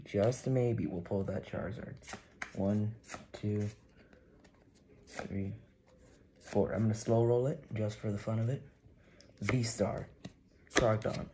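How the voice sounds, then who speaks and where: A man chatting casually while opening trading cards, joking with mock threats and excitable reactions. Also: on the low side, background noise. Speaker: card-opening vlogger.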